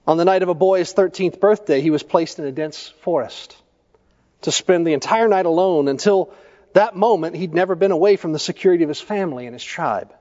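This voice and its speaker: A male pastor preaching a sermon, telling stories in a measured way and putting questions to the congregation. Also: fairly high pitch, warm tone. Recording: echoey church hall, dull lo-fi sound.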